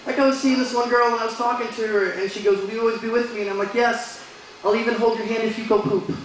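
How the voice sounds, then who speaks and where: High-voiced man doing crude stand-up. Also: fast, a little hiss or hum. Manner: crude deadpan punchlines. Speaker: stand-up comedian. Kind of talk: stand-up comedy set. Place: bar stage with live audience. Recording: echoey bar room from far off.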